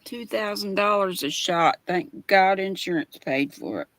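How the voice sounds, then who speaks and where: A woman chats on her livestream at an unhurried pace, wandering through her story with plenty of fillers. The sound is dry and close, with no room around it. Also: medium pitch, a bit bright, dry recording. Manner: slow, rambling, with fillers. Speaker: livestream host. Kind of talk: casual chat.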